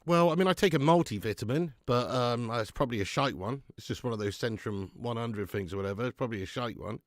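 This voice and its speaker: A man's voice: mid-range voice, fast, hardly any pauses, dry recording, studio quality. A man hosting a live football watch-along, sick with flu, talking bluntly and swearing as he banters with viewers. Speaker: football fan channel host.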